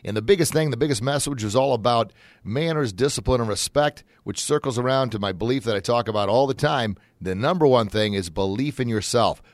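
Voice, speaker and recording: A man hosting his own motivational talk show in a folksy, upbeat manner that jumps into excited shouts when he acts out examples. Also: mid-range voice, fairly quick, dry recording.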